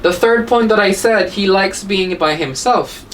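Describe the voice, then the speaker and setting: A woman's voice: mid-range voice, unhurried. A woman teaching an English grammar lesson, explaining each point step by step and checking with "right?" after nearly every sentence. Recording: voice a little distant from the mic, faint room hum.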